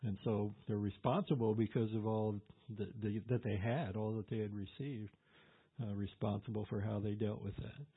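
Pastor guy teaching scripture, chatty with lots of uhs, kinda husky, sounds like it's over a phone line. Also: fairly low pitch, steady tone, normal speed. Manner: conversational, with fillers and asides. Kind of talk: verse-by-verse Bible teaching. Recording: tinny phone-like audio.

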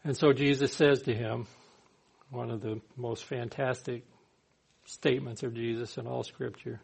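Male preacher, mid-pitched, gravelly, conversational sermon delivery. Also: fairly even intonation, normal speed, darkish tone. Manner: conversational, acts out quoted speakers.

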